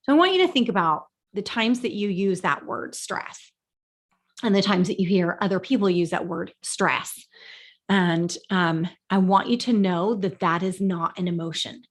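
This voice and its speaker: A woman's voice: mid-range voice, normal speed. A woman life coach giving a teaching talk, earnest and emphatic, repeating her key points.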